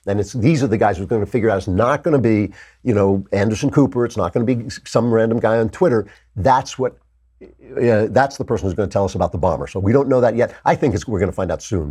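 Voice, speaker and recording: A man's voice: fairly low pitch, quick pace, darkish tone, slightly rough. A man hosting a political talk show, delivering a sarcastic, opinionated commentary monologue into a studio microphone. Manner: sarcastic, mocks opponents in exaggerated voices.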